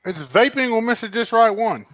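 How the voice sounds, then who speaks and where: A man chatting casually on a vape livestream, joking loudly and drawling in slang. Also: extremely high pitch, expressive, normal speed, lo-fi sound. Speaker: vape channel host guest.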